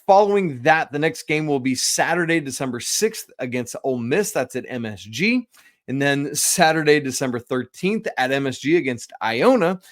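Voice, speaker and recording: Male podcast host, casual sports talk, relaxed and chatty, dry close-mic sound, mid pitch. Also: moderate pace, no echo. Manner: loose, chatty, self-deprecating asides.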